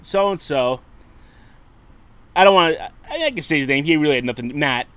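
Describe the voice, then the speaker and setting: A man in his thirties tells a story on a casual podcast. His voice sits a little high and swings widely in pitch as he laughs, swears and acts out what people said. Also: lively intonation, moderate pace, a bit bright. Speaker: podcast co-host.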